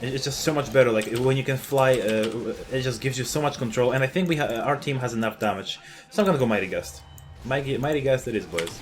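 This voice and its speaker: A man with a medium-pitched voice talks quickly as he commentates live over his own gameplay. He explains his moves, gets excited, swears at enemies, and fills his speech with fillers and restarts.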